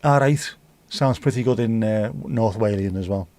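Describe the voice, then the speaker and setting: Swearing livestream host. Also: male voice, fairly low pitch, normal speed, mellow, no room sound. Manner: banter with swearing and mock accents. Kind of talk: casual livestream chat.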